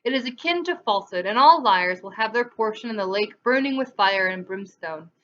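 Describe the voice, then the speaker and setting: A woman's voice: medium pitch, expressive, brisk, fairly bright tone, muffled recording, a little hiss or hum, natural voice. A woman voicing a stern, pious middle-aged clergyman who lectures severely. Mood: pompous.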